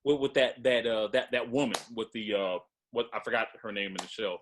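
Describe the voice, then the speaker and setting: Halting man in a casual recap chat. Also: fairly low pitch, fairly bright tone, slight background noise. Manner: halting, with many restarts and "you know what I mean". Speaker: podcast co-host.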